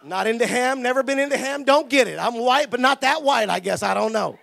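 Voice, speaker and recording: A man preaching a lively sermon with humor, laughing often, shouting for emphasis and acting out the people in his stories. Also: very high-pitched, brisk, creaky. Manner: acts out quoted voices.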